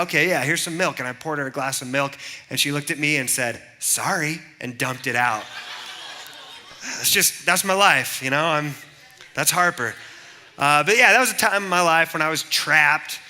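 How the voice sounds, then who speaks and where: A man's voice: a little high, pushed and bright. A man in his thirties giving a casual youth sermon, telling personal stories in a chatty way and calling on the audience for answers. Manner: chatty, storytelling, calls on the audience.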